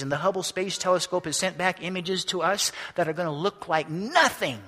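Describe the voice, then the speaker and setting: A man preaching a sermon, telling the story with animation, acting out voices and shouting at its peaks. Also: on the high side.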